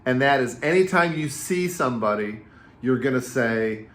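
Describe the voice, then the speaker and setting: A man in his fifties coaches real estate agents in a casual, energetic way, leaning on repetition and anecdotes. His voice sits at an ordinary middle pitch. The room around him gives it a noticeable echo. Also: moderate pace. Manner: energetic, chatty storyteller with repetitive phrasing. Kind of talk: casual coaching talk to camera. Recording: roomy echo.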